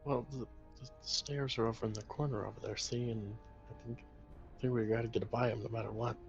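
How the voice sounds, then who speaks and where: A man at a tabletop game speaking casually and plainly, with a gravelly, creaky edge at a middling pitch. Faint music plays in the background. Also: fairly even intonation, fairly quick, dull audio. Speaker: player. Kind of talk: tabletop role-play chat.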